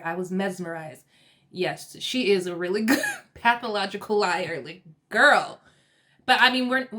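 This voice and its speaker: A woman recapping a reality TV episode in casual chat. She laughs often and acts out quoted lines with lively bursts. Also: mid-range voice. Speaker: TV recap vlogger.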